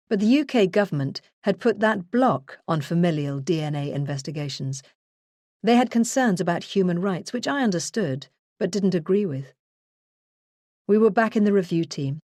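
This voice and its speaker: A woman narrating a first-person true crime memoir in a measured, earnest way. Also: fairly low pitch, lively intonation, mellow, dry recording, clean studio sound. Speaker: audiobook narrator.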